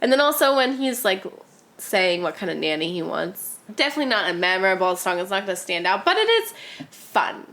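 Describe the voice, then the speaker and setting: A woman's voice: on the low side, animated, quick pace, fairly bright tone. A woman co-hosting a podcast, talking casually about a film, filling her speech with "like". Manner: chatty, heavy use of "like", acts out quotes. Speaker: podcast co-host.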